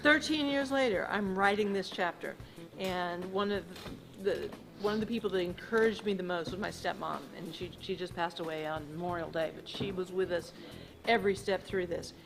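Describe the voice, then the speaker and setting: A woman with a fairly low voice speaks at a live event. She is hesitant and often restarts her sentences. Music plays clearly in the background. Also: moderate pace, low-quality recording. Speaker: co-author. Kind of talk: live talk, conversational.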